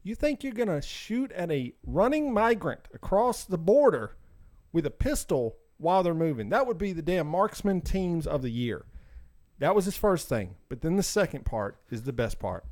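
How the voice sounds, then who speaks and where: Young male co-host, animated ranter, acts out quotes, lively pitch. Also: normal speed. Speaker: podcast co-host. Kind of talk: casual podcast banter.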